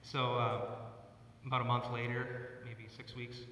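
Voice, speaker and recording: A middle-aged man, a church worship leader, giving a personal eulogy for his father, pausing and repeating words as he tells stories. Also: medium pitch, flat delivery, sharp tone, a little hiss or hum. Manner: halting, often repeats words; personal storytelling. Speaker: eulogist, son of the deceased. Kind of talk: funeral eulogy. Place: church sanctuary. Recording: echoey church hall from far off.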